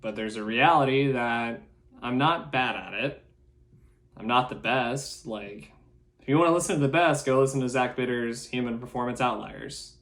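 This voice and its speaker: A man hosting a solo podcast, talking earnestly and nervously in a halting, self-deprecating way. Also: mid-range voice, fairly bright tone. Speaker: podcast host.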